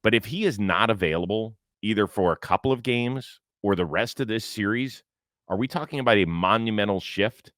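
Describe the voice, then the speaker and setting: Middle-aged male sports host, low voice, dry close mic, jokey self-deprecating delivery. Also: fairly quick, a bit bright, no room sound. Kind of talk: casual sports talk with ad reads.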